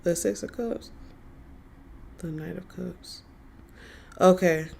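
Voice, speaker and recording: Woman doing live tarot readings, slow and draggy, lots of fry, lowish voice. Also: warm tone, a little hiss or hum. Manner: slow, drawn-out delivery with many fillers, reading chat messages. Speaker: tarot reader.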